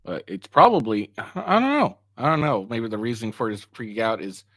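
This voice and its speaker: A man's voice: medium pitch, very animated, moderate pace, fairly bright tone, no room sound, clean studio sound. A man giving casual, rambling commentary, full of swearing, fillers and restarts, and mocking when he paraphrases others. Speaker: online commentator.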